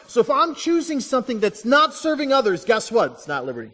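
A man preaching from the pulpit, middle-aged and high-voiced. He tells stories and drives home short repeated lines, and his words ring out with a long reverb through the church hall. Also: brisk, hardly any pauses. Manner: animated storytelling with punchy repeated lines. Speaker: pastor. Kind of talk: sermon.

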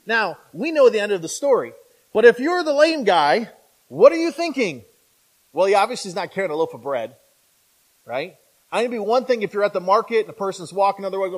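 A man with a high voice for his sex preaches a sermon to his congregation. He talks in a conversational way, often tossing in a quick "right?" and jumping into the voices of imagined people. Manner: animated, acting out imagined speakers.

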